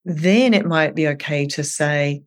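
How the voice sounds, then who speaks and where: Guest clinician, earnest and gentle, explains step by step, mid-pitched voice. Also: unhurried. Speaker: eating disorder clinician guest. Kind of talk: advice in an interview.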